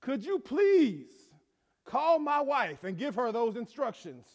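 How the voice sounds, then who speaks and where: A man's voice: very high voice, sing-song, slow, big-room sound, exaggerated voice. A man voicing a timid male patient in a joke, pleading with his doctor.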